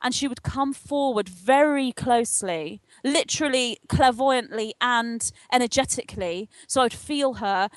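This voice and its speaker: An older woman telling her spiritual experiences in an interview, earnest and animated, acting out the voices in her story. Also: on the high side, unhurried, few pauses, no echo. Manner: earnest, animated retelling with acted-out dialogue. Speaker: guest, spiritual channel.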